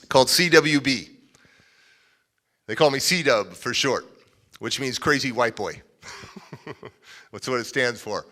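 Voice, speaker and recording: A man giving a live motivational speech, telling a story and acting out the voices of the people in it. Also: fairly high pitch. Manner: animated, acts out quoted voices. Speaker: motivational speaker. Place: civic center stage.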